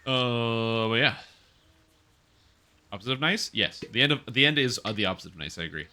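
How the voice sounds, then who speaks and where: A man's voice: medium pitch, expressive, fairly quick, sharp tone. A man streaming a video game, chatting casually and rambling through corrections as he plays. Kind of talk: casual gaming stream chat.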